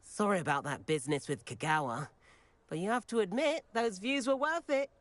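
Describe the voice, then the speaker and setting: An actor playing a friendly, chatty teenage student who loves flying, in video game dialogue with an encouraging manner. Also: male voice, high voice, expressive, moderate pace, a bit bright. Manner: enthusiastic, encouraging. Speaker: fellow student.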